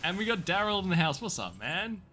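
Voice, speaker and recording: A man's voice: high voice, big pitch swings, brisk, pushed and bright, a little hiss or hum. An Australian man chatting casually with viewers while livestreaming a game, joking and upbeat. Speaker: streamer. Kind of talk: casual gaming livestream chat.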